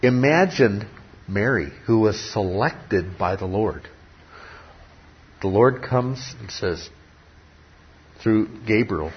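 Slow, emphatic male Bible teacher. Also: fairly low pitch, lively intonation, husky. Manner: emphatic, repeats key words, asks rhetorical questions. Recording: dull lo-fi recording with faint ambience.

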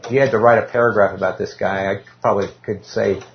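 A man's voice: on the low side, steady tone, fast, slight background noise. A man teaching an informal Bible class in a meeting room, talking casually and reading scripture aloud with self-deprecating asides. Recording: dull lo-fi recording.

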